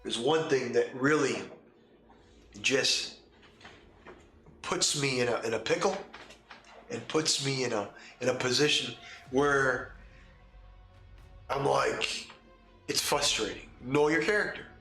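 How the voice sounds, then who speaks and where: Male host and game master, bright, emphatic, repetitive, echoey room. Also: mid-range voice, slow pace, pauses often, faint music behind. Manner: emphatic, repetitive, rhetorical questions. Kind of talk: casual opinion talk.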